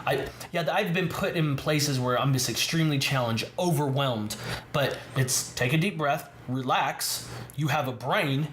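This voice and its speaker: A man hosting a casual podcast, speaking calmly and reflectively in a motivational way. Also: medium pitch, unhurried. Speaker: podcast host. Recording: echoey room with faint noise.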